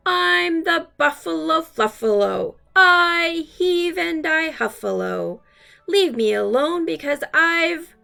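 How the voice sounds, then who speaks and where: Lady reading aloud as a grumpy stompy buffalo guy, raised and gruff. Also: on the high side, lively intonation, slow pace, fairly bright tone, faint music behind, heavily acted. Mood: defiant. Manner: blustery, huffing declarations. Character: grumpy huffy male buffalo, stomping and proud.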